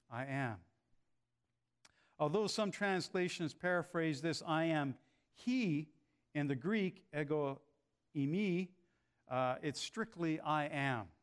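Slow, measured male preacher. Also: on the high side, clear, resonant tone. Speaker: pastor. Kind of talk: sermon.

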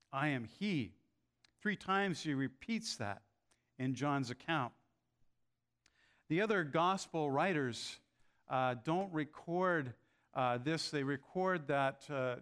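A man preaching a sermon, speaking in a measured way with frequent "uh" pauses. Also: on the high side, a bit bright, smooth. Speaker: pastor.

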